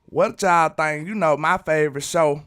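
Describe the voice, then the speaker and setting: A man's voice: a little high, moderate pace, a bit bright, clear, resonant tone. A man from Alabama, hosting a casual live sports stream and answering viewers' chat. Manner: reads out and answers chat comments. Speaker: sports channel host.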